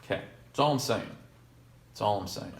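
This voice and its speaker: Rambling sarcastic man, low voice. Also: a little fast, vocal fry. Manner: rambling, sarcastic, jokey asides. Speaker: podcast co-host. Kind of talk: casual chat. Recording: echoey room.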